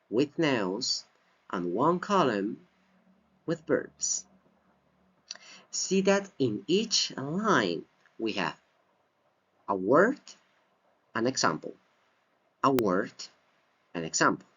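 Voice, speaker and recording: A man teaching an English grammar lesson from slides, speaking slowly and deliberately and repeating key phrases. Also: mid-range voice, big pitch swings, fairly bright tone. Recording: dull lo-fi recording.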